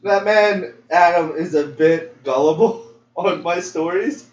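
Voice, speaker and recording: A man's voice: fairly high pitch, takes it slowly. A young man co-hosting a podcast, telling a story casually, acting out quotes and laughing often. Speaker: podcast co-host. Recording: roomy, distant, dull lo-fi mic with faint noise.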